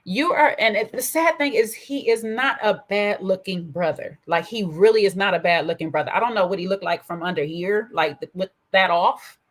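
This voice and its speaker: A woman's voice: medium pitch, a little fast, hardly any pauses. Sassy woman giving TV commentary. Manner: sassy, animated, colloquial. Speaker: commentary host. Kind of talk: casual reality TV commentary.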